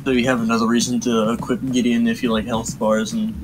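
A man's voice: medium pitch, completely flat delivery, fast talker, poor audio. A man chatting casually over a game, giving gameplay tips with playful teasing and frequent giggles. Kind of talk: casual gaming chat. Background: game music.

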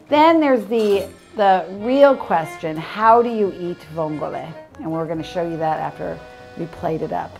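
A woman's voice: lowish voice, creaky. A woman hosting a casual cooking demonstration, chatty and playful with upbeat asides. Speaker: cooking show host.

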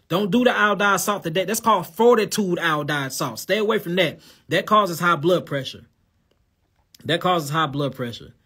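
A man's voice: sits high, fairly bright tone, breathy edge. Man with a St. Louis accent and a lisp. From St. Louis, USA. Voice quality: lisp on s sounds. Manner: casual, addresses viewers as y'all and God. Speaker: herbal health host. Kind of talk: live Q&A reading viewer questions.

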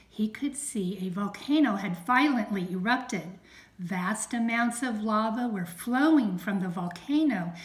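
A woman teacher reading a storybook aloud to young children, stressing sounds slowly and clearly. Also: medium pitch, reverberant, rough recording.

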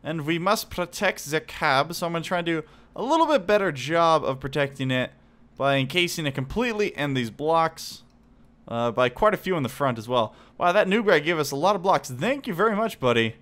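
Excitable man narrating his gameplay. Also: a little high, a little fast. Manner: excitable and chatty, laughs and exclaims. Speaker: let's play host. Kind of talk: casual gameplay commentary.

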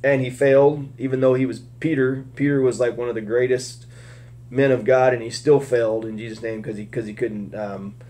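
A man's voice: mid-range voice, steady tone, brisk, mellow. A man giving casual Bible teaching, rambling with many restarts and fillers.

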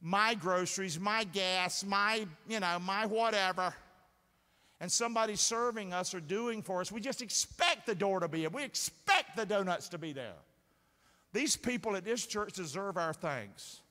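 Male pastor, high and lively voice, call-and-response preaching, echoing sanctuary. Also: moderate pace. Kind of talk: sermon. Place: church sanctuary. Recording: reverberant sanctuary sound.

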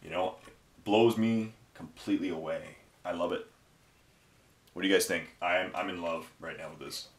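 Deep-voiced man, emotional and halting. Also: steady tone, reverberant. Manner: emotional, effusive and halting, with many restarts. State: close to tears. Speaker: miniature wargaming channel host. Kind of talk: casual unboxing vlog.

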